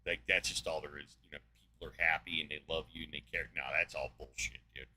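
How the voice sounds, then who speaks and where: This man's voice is very deep yet bright and forceful, with a steady tone and quick pace, heard through a rough recording with a little hiss or hum. He is a New Mexico podcast host in his forties, ranting angrily on his own with heavy swearing and rambling asides.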